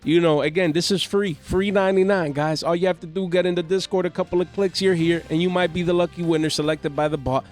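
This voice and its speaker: A man hosting a trading-card market channel, talking in excitable, slangy hype and repeating his catchphrases. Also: high voice, quick pace, few pauses, soft background music. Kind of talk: hyped market commentary. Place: home.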